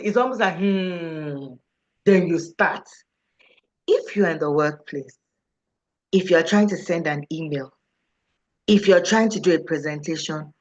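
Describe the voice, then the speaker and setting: A woman giving an emphatic motivational talk on speaking, often putting questions to her audience. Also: fairly low pitch. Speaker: speaking coach. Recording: dull, slightly lo-fi recording.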